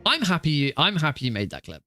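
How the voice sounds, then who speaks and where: A young male streamer explains his speedrun in loose, rambling commentary full of restarts. His voice sits slightly high. Soft music plays faintly beneath him. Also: wildly swooping pitch, quick pace. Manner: rambling, many fillers and restarts. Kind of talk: live stream game commentary.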